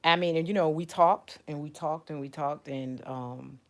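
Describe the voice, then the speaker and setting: A woman's voice: low-pitched, normal speed. A woman in casual talk to her viewers, rambling and repeating herself, leaning on "you know" and "like". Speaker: self-described spiritual advisor. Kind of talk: casual storytelling to camera.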